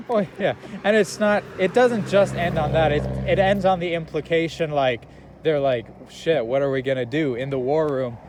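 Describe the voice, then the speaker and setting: A man's voice: on the high side, normal speed, noisy background. A young man in casual chat, recapping a film in a rambling way, with lots of fillers and laughter.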